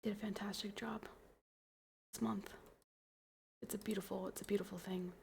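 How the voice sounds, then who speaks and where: A tipsy young woman hosting a livestream, chatting in a rambling, playful way that trails into soft mumbles. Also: mid-range voice, level tone, normal speed, gravelly, a little hiss or hum. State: tipsy from wine. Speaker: livestream host. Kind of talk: casual chat to stream viewers.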